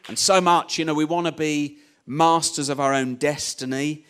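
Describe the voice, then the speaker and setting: A man's voice: on the high side, fairly even intonation, normal speed, a bit bright, clean tone, some chatter behind. A man preaching a conversational sermon, retelling a story with many "you know" asides. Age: adult, young child at home.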